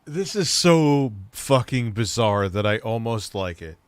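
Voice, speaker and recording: A man reacting to a video, talking slowly with incredulous, swearing asides. His voice sits in an ordinary middle range, recorded close and dry with no room sound. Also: medium pitch, expressive, clear, resonant tone, no room sound. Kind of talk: casual reaction commentary.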